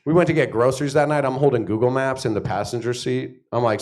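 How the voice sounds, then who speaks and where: A man's voice: medium pitch, fast talker. A man doing a stand-up comedy set on a club stage, telling stories with lots of swearing and acted-out quotes. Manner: profane, animated storytelling with acted quotes.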